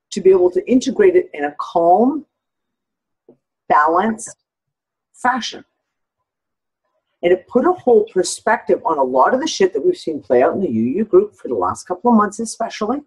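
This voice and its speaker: Candid, husky-voiced woman in casual talk. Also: lowish voice, low-quality recording. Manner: candid and expressive, swears freely, acts out others' lines. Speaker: discussion participant. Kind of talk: casual group discussion.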